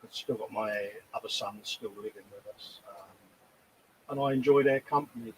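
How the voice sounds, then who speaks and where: Co-hosting a model-building livestream, this man chats in a jokey, self-mocking way and slips into quoted voices. His voice sits on the low side at a normal speed, with slight background noise and poor audio quality.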